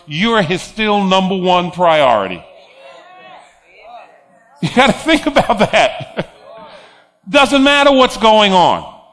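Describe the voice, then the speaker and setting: High-voiced emphatic male preacher. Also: fairly bright tone. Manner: emphatic, repeats phrases, chuckles often. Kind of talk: sermon.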